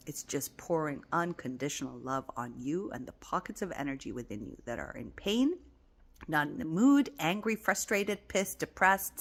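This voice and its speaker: A woman giving a spiritual self-help talk, tender and affirming, often dropping into soft whispers. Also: low-pitched. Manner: coaxing and affirming, repeating phrases. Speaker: spiritual teacher.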